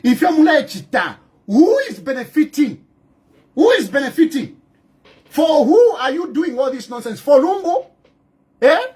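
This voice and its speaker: A man's voice: very high-pitched, sing-song, a little slow, darkish tone. A Zambian man in an impassioned video monologue, indignant and firing off repeated rhetorical questions. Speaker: political commentator. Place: in exile abroad.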